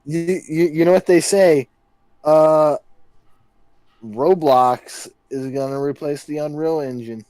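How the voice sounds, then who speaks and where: A young man co-hosting a podcast, delivering dry deadpan jokes with hesitant stops and restarts. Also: on the high side, slow, dry recording, low-quality recording. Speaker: podcast co-host. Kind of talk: casual chat.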